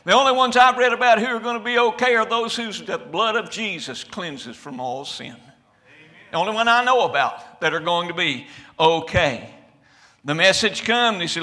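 High, bright preacher, shouting and hushed. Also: male voice, normal speed. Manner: preaching with sudden shouted climaxes and quiet drops. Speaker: pastor. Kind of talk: fiery sermon. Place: church sanctuary.

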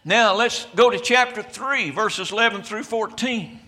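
A man preaching a fiery sermon, swinging from loud shouted climaxes to quiet, low passages. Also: measured pace. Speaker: pastor. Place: church sanctuary.

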